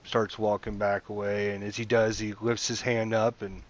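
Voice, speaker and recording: A man's voice: on the low side, little pitch movement, normal speed, lo-fi sound. A man running a tabletop game as game master, narrating loosely and chattily and checking in with the players.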